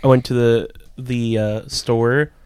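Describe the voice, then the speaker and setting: A man co-hosting a podcast, rambling through absurd comedic bits with animated voices. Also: medium pitch, takes it slowly, clean tone, no room sound. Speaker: podcast co-host. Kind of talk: comedic riffing chat.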